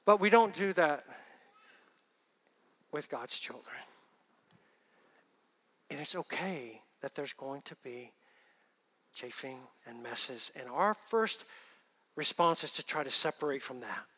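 A male pastor preaching with a high, bright, forceful voice. He drops to hushed asides and then rises to loud, emphatic bursts. The long reverb of a large church hall carries behind him. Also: lively intonation, slow pace, pauses often, breathy edge. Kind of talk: sermon.

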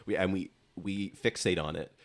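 A young man with a notably low, deep voice chats loosely on a podcast, drifting off topic and breaking into laughter. He tells stories in loose run-on bursts, quoting memes in exaggerated voices. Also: fairly even intonation, normal speed. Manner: rambling, laughs often, quotes memes. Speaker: podcast co-host. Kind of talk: casual chat.

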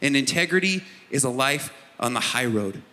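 A man's voice: mid-range voice, expressive, moderate pace, sharp tone. A middle-aged man preaching a sermon, telling a personal story in a conversational way. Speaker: pastor. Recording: long hall reverb.

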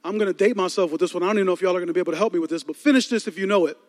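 High-pitched pastor preaching, cracking jokes to the crowd, big echoey hall. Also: male voice, very fast. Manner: storytelling with comic asides to the congregation. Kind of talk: sermon. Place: large church hall. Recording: long hall reverb.

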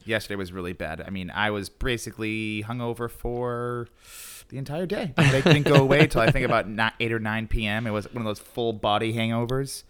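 A man's voice: medium pitch, steady tone, brisk, fairly bright tone. A young man co-hosting a podcast, telling rambling anecdotes with frequent laughter in casual chat. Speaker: podcast co-host.

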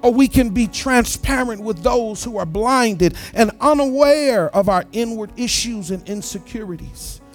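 A man with a strikingly high voice delivers a sermon from the pulpit. He lilts into a sing-song preaching cadence, repeating and building his phrases. Faint music sits softly behind him. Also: expressive, unhurried, few pauses. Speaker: pastor.

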